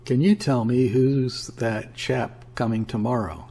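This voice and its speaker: A man's voice: mid-range voice, steady tone, unhurried, dark tone. Man doing a swaggering young sailor. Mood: blustering. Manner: blunt, offhand and rough-spoken. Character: boisterous young male sailor, scornful and swaggering.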